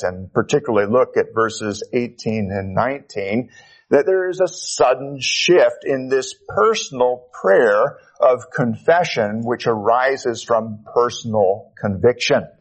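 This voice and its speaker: A man, reading scripture and preaching a sermon in a measured, earnest way with emphatic stresses. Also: mid-range voice, poor audio. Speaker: pastor.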